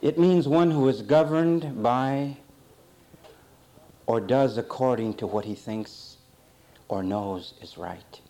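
A man's voice: medium pitch, slow, pauses often, a little hiss or hum. A middle-aged man preaching a sermon, defining words and then telling a folksy story from his childhood. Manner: lively, swings between loud and quiet.

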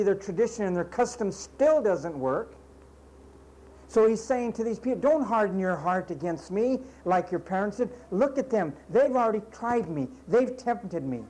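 A man's voice: sits high, lively intonation, moderate pace, darkish tone, rough recording. A man preaching a sermon in an emphatic, scolding way, with sarcastic asides and mocking impressions of his listeners.

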